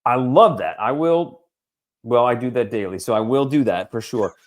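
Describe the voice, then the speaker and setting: A forty-something man in a casual podcast chat who gets worked up fast. He swears freely and throws in joking asides while he argues his point. His voice sits in an ordinary middle pitch. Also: lively intonation. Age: 40s. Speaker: podcast co-host.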